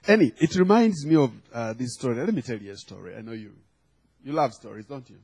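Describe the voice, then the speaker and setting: A man's voice: fairly high pitch, lively intonation, quick pace, breathy edge. A man preaching a sermon, telling a humorous story and acting out the quoted lines. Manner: storytelling with acted quotes and laughter.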